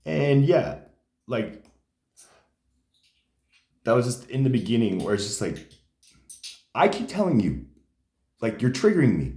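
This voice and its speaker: A man's voice: mid-range voice, big pitch swings, unhurried, long pauses, mellow. A man telling personal stories in casual conversation, rambling with many fillers. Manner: rambling, many fillers, acts out quoted dialogue. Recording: echoey room.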